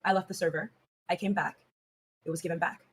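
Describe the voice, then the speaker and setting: A woman co-host answering calmly in a flat, measured, serious monotone. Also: on the low side, husky. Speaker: co-host on a live stream. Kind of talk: serious on-air reply.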